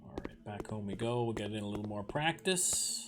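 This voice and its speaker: A man's voice: lowish voice, animated, normal speed. A man hosting a let's play, casually commenting on a music game in a chatty, wry, self-deprecating way.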